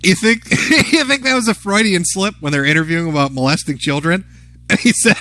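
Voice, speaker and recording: A man's voice: high voice, a little fast, bright, forceful tone, no echo. A man hosting a live stream, commenting on clips in a profane, laughing, rambling way. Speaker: livestream host.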